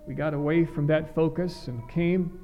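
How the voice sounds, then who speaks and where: Middle-aged male preacher, gravelly and a bit high-voiced, earnest, halting sermon delivery, dull lo-fi recording. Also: steady tone. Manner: earnest, repeats words, halting restarts.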